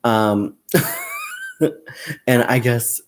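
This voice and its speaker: A young man chats through a crafting livestream while he crochets, his pitch rising and falling with lively swings. He rambles, laughs often, and counts stitches aloud. He speaks to the viewers as "you guys" and "y'all". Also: very slow. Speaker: crafting channel host.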